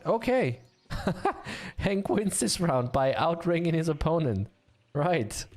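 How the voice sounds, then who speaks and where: Animated man commenting a game match. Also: on the high side, takes it slowly. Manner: chatty, animated, laughs and banters with chat. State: voice getting rough. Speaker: league commentator.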